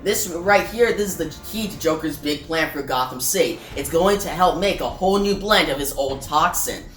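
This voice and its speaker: Cool, threatening villainess read by a woman, low voice, roomy echo. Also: animated, normal speed. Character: cold scheming female villain. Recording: roomy room, faint music.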